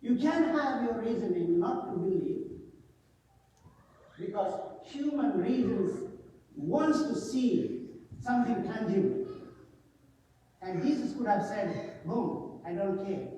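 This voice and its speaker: Male priest giving a sermon, slow mellow voice, keeps asking the crowd stuff, faint hum behind. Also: high voice, expressive. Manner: asks the congregation questions, checking with "right?". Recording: echoey hall from far off, faint noise.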